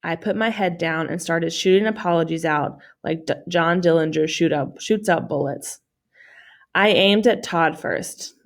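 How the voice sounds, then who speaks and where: Woman narrator for a children's novel read-aloud, lower voice, plain storytelling delivery. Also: measured pace. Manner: plain storytelling read with small slips and self-corrections. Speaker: audiobook reader.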